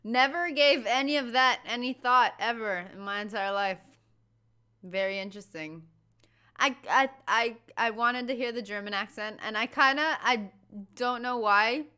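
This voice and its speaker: American lady reaction youtuber, giggly and rambly, bright voice. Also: a little high, normal speed, clean tone. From United States. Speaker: reaction video host. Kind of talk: casual reaction chat.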